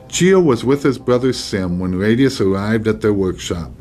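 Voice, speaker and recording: A man's voice: fairly low pitch, expressive, normal speed, darkish tone, soft background music. A man hosting a podcast, reading a children's storybook aloud with chatty, joking asides.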